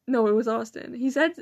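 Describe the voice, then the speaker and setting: A teenage girl, a student, telling school stories in casual chat, giggling often, swearing casually and quoting people in animated voices. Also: fairly high pitch. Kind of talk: casual storytelling.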